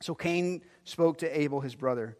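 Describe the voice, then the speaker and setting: A man preaching a sermon as pastor, animated, swinging between loud emphasis and hushed low lines. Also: moderate pace, big-room sound.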